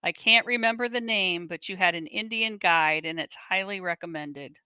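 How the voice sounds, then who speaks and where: A woman co-hosting, reading viewer comments and questions aloud in a steady way with the odd dry aside. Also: lowish voice, normal speed, smooth, no room sound.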